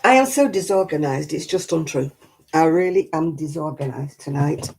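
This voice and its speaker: A woman's voice: sits low, lively intonation, moderate pace, creaky, a little mellow, soft background music, poor audio. A woman hosting a casual crafting livestream, chatting to viewers by name in a self-deprecating way.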